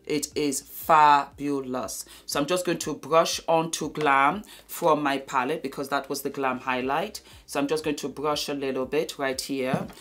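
In a low, fairly bright voice, a woman walks viewers through a makeup tutorial. This beauty vlogger is effusive and affectionate toward her audience, her voice sometimes sinking to a murmur while she works on her makeup.

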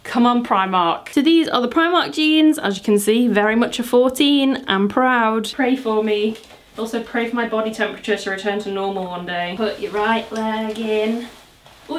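A woman's voice: fairly high pitch, roomy sound, a little hiss or hum. A young woman vlogging casually as she struggles into clothes, chatty and self-mocking, exclaiming and groaning, at times out of breath. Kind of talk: casual try-on vlog.

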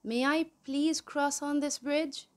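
A tiny, scared billy goat from a storybook asks politely to be let across, spoken by a woman reading aloud. The voice is fairly high and slow, soft and pleading. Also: animated. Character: small frightened young billy goat.

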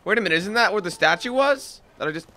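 A man doing casual let's play commentary on a video game. He swears freely and breaks into frustrated shouting. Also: sits high, lively intonation, quick pace, slight background noise. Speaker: gaming channel host. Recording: game music playing underneath. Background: video game music and sounds.

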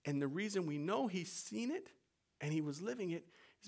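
A middle-aged man preaching a sermon, moving from loud, urgent appeals to hushed, whispered storytelling. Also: high voice, animated, moderate pace, vocal fry. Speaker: pastor.

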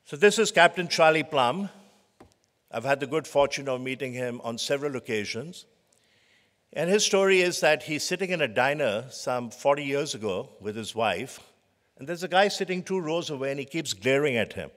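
A man's voice: medium pitch, animated, normal speed, fairly bright tone. A man giving a leadership lecture to a conference audience, telling stories emphatically and stacking short phrases into lists. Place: conference hall. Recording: long reverb of a lecture hall.

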